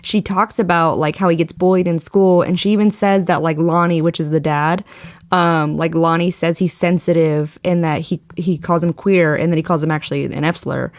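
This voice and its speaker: A woman co-hosting a podcast in relaxed casual chat, using lots of filler words and laughing often. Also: lowish voice, normal speed, no echo, studio quality. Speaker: podcast co-host.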